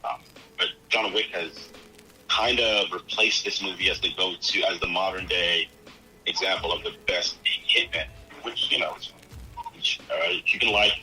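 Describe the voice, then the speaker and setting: A man co-hosting a podcast, chatting casually about a film in a rambling, halting way and acting out movie lines. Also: low-pitched, steady tone, sharp tone, faint music behind, poor audio. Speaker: podcast co-host.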